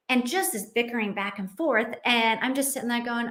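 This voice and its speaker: A middle-aged woman with a slightly high voice tells a story from her family life. She hosts a Christian parenting show and speaks in an earnest, heartfelt way. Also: fairly quick, hardly any pauses, fairly bright tone. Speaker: Christian parenting podcast host. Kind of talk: personal storytelling.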